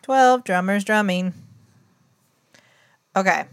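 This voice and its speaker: A woman's voice: medium pitch, clear, resonant tone, dry recording, clean studio sound. A woman co-hosting a casual comedy podcast, chatty and playful as she talks. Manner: chatty, playful, quick to laugh along. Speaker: podcast co-host.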